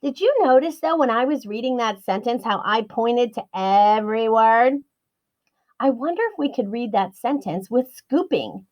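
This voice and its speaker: A woman teaching a writing lesson to young children, slow and sing-song, stretching her words out and encouraging them. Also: a little high, expressive, a little mellow.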